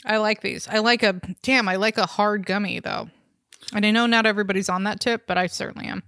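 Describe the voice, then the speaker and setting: A woman's voice: mid-range voice, fairly even intonation, fast, a bit bright, no echo. A woman co-hosting a podcast in casual, rambling chat over a call, laughing often. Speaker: podcast co-host. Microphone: remote call recording.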